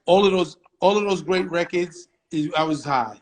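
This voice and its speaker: As an interview guest, a middle-aged man with a slightly high voice recounts an old story at a moderate pace, brash, profane and animated, acting out other people's lines. The audio is poor.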